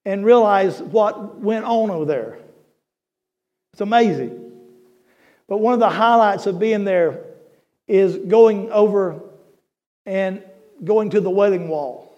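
Male pastor, middle-aged, very high pitch; folksy, emphatic sermon delivery. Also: muffled recording. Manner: folksy storytelling preacher, rising to emphatic shouts.

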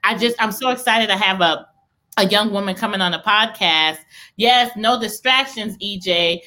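A young woman hosts a podcast in the style of a casual live-stream chat, talking eagerly about faith and business. Her medium-pitched voice has a sharp tone and moves at a moderate pace. She sounds enthusiastic and faith-filled, rambling and restarting often.

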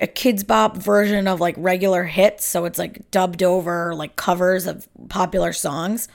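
A woman hosting her own podcast, chatting through a personal story with lots of fillers and quick asides. Her mid-pitched voice carries a gravelly fry. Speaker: podcast host. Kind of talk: casual solo podcast storytelling.

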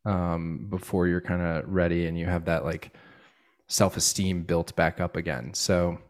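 A man's voice: low-pitched, level tone, unhurried. A man in his thirties co-hosting a podcast, talking in a laid-back, rambling way with lots of fillers. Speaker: podcast co-host. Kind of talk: casual podcast chat.

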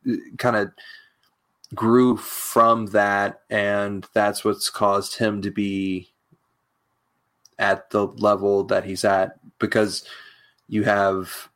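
Chill comedian dude, lowish voice, loose casual talk with lots of likes and ums. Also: male voice, little pitch movement, fairly bright tone. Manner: laid-back, loose, with lots of fillers and quick laughs. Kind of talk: casual chat.

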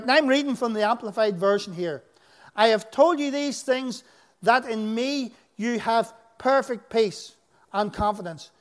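A man with a Northern Irish accent preaching a sermon, telling stories with emphatic delivery. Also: very high-pitched. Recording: echoey hall.

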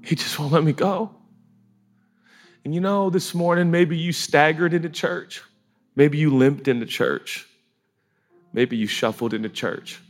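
A man's voice: on the high side, unhurried, pauses often, faint music behind. A man preaching a sermon in an emotional, conversational way, often laughing as he talks.

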